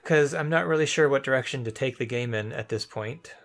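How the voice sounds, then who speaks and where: A young man talks over a recording of his own game, unsure and meandering, trailing off and circling back. His voice carries a slight vocal fry at a middling pitch. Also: fairly quick, a bit bright, faint music behind. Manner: rambling, hesitant, thinking aloud with frequent restarts. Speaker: let's play commentator. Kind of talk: casual gameplay commentary recorded after the fact.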